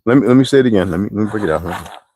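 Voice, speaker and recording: A man's voice: fairly low pitch, animated, racing, dark tone, breathy edge, no echo. A man, telling rambling stories in a blunt, profane monologue to his viewers, heavy with slang. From United States. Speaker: streamer ranting to viewers.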